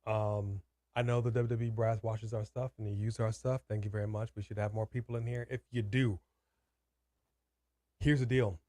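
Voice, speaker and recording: A man's voice: on the low side, level tone, moderate pace, mellow, dry recording. A man co-hosting a casual live watch-party stream, ranting emphatically and repeating his points. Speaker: co-host.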